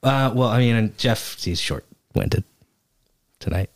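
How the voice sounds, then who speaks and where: A man's voice: medium pitch, lively intonation, slow pace. A man co-hosting a casual podcast, rambling playfully about a favorite show. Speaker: podcast co-host. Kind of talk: casual chat.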